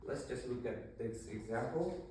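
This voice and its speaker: A man's voice: medium pitch, lively intonation, unhurried, dark tone, slight background noise. A male English teacher leading a classroom lesson, explaining step by step with fillers and restarts. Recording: very echoey room, voice far from mic.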